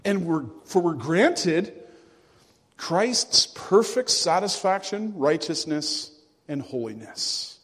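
Husky high-voiced preacher in a hall. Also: male voice, expressive, slow pace. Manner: earnest preaching with emphatic rises and hushed drops. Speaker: pastor. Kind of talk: sermon. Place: church.

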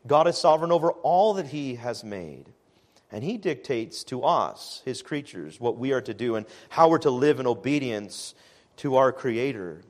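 A man preaching a sermon as pastor, measured and emphatic, slowing down to stress key phrases. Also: mid-range voice, lively intonation.

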